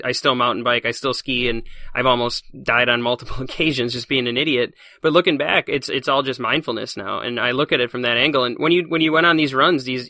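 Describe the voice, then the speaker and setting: A man talks fast with a bright, forceful voice, animated and quick to laugh as he tells his stories. The sound is dry and close, with no room around it. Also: medium pitch, dry recording. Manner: fast, animated storyteller who laughs often. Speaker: podcast guest, science teacher. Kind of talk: casual interview chat.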